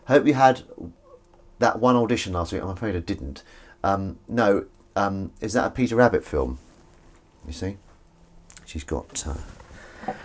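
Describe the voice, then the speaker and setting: Low-voiced rambling livestream host. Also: male voice, animated, unhurried, pauses often. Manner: rambling, reads viewer comments aloud. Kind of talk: casual livestream chat. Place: home kitchen while washing up.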